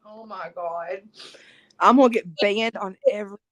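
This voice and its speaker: A woman's voice: medium pitch, normal speed, a bit bright, no echo. A woman co-hosting a live stream, flustered and profane, protesting her partner's teasing with exasperation. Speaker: co-host. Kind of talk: casual live-stream banter.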